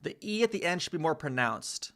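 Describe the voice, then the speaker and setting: An American man hosting a casual live chat, slowly sounding out words with many fillers and pauses. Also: on the high side, big pitch swings, a bit bright. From United States. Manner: slow, hesitant, full of fillers, sounding out words. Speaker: livestream host learning Polish.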